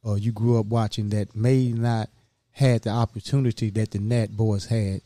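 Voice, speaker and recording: A man hosting a podcast, affirming his guest and leading into a question with halting fillers. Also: fairly low pitch, steady tone, mellow, no room sound. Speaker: podcast host. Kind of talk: interview questions.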